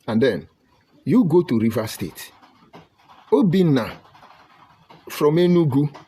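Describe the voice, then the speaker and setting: A middle-aged man with a Nigerian accent delivers a political commentary monologue. His voice is breathy and husky, sitting at a medium pitch. He argues and lectures with emphatic insistence. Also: darkish tone.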